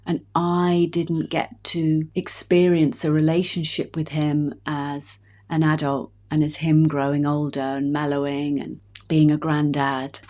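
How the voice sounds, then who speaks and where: A woman in her fifties, a relationship coach hosting her own podcast, speaking in a gentle, heartfelt, personal way. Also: sits low, completely flat delivery, measured pace. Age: 50s. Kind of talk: reflective solo podcast talk.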